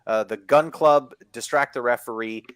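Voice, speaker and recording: Brief: male podcast co-host, mid-pitched, excitable and swearing as he recaps a wrestling match, dry close mic. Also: moderate pace, clear, resonant tone, dry recording. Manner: profane, excitable play-by-play recap. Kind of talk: casual chat.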